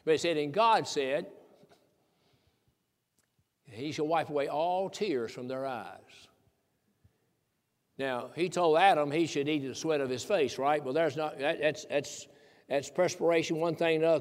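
A man's voice: fairly high pitch, normal speed, long pauses. An older man from Tennessee preaching a sermon in a folksy, emphatic way that builds into fervent peaks. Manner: folksy, emphatic preaching with rising fervor and chuckles. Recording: long reverb of a church hall.

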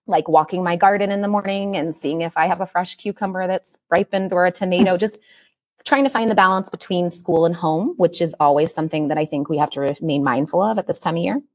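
A woman's voice: fairly low pitch, brisk, darkish tone, dry recording, studio quality. A woman in her thirties co-hosting an education podcast, chatting in a reflective, upbeat way. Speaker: podcast co-host. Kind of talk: casual chat.

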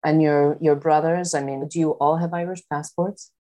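A woman's voice: low voice, fairly even intonation, normal speed, mellow. A woman interviewing a guest casually, asking curious questions and giving short prompts.

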